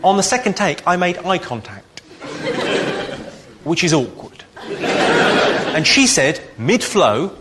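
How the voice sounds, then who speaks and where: A man rattles off dry, deadpan one-liners in a live stand-up set. His voice sits a touch high for a man. The live show recording carries loud background noise throughout. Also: unhurried, pauses often. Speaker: stand-up comedian. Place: live comedy venue.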